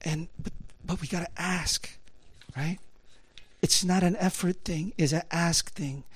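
A middle-aged male preacher with a slightly high voice, talking to his congregation like a friend. He keeps checking in with "right?" and "you know", and his voice climbs and gets louder when he makes a point. The recording is dry and close to the mic. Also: unhurried, husky, dry recording. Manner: conversational, peppers talk with "right?" and "you know"; animated, swings high and loud when emphatic. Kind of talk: sermon.

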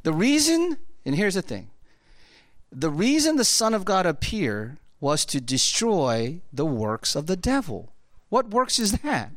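A man's voice: high voice, wildly swooping pitch, unhurried, dry recording, studio quality. A man preaching a sermon in a casual, rambling way, full of fillers and asides. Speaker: pastor.

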